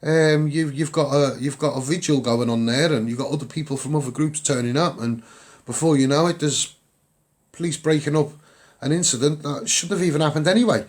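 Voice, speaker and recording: A man's voice: fairly high pitch, a little fast. A man with a Liverpool accent talking casually to viewers on a livestream, upbeat and rambling, repeating himself with lots of ums. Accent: Liverpool (Scouse). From England.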